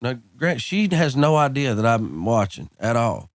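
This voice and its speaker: A man in his thirties, a guest on a podcast, telling relaxed anecdotes in casual chat. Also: mid-range voice, normal speed, dry recording, studio quality. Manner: laid-back, drawling anecdotes peppered with "man" and "dude". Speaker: podcast guest, country singer.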